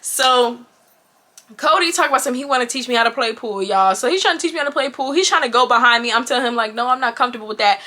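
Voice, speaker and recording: A woman in her twenties telling a casual storytime to her viewers, animated and chatty, talking straight to the audience. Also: sits high, racing, hardly any pauses. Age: 20s. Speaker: YouTuber.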